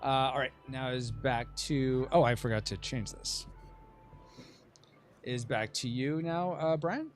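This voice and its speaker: A man's voice: mid-range voice, a little slow, faint music behind. A man hosting a casual board game playtest, chatting and checking the rules aloud. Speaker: game host.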